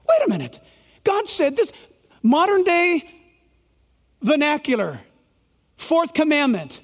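A man preaching a sermon in a church, animated and sarcastic, with fiery outbursts. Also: very high-pitched, normal speed, long reverb tail. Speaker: pastor. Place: church sanctuary.

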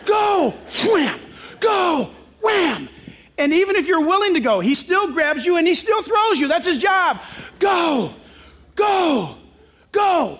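A male pastor preaching a sermon in an animated way, asking rhetorical questions and breaking into sudden shouts. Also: very high voice.

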